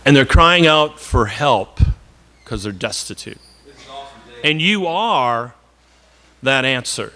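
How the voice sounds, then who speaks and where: A man's voice: medium pitch, expressive, slow, long pauses, bright, forceful tone. A man from northern Wisconsin preaching a sermon in an earnest, conversational way, often repeating words and slipping in joking asides.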